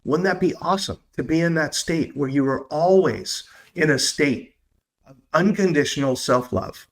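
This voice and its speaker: A man hosting his own podcast, talking through his experience in an earnest, upbeat, confiding way and slowing down on his key points. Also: on the high side, expressive. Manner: earnest, upbeat, confiding, with slow emphatic stretches. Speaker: podcast host. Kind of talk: reflective solo podcast talk.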